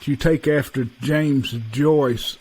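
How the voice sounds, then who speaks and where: Male podcast host, friendly rambler, stumbles over sentences, a bit higher pitch. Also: steady tone, darkish tone, breathy edge, rough recording. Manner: rambling, halting, many restarts. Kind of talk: casual interview chat.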